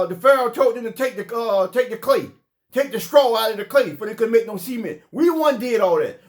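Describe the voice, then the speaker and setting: A man with a Southern US accent preaching an impassioned sermon, emphatic and repetitive, sometimes breaking into shouts. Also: extremely high pitch. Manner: fiery, emphatic, repeats phrases, bursts into shouts.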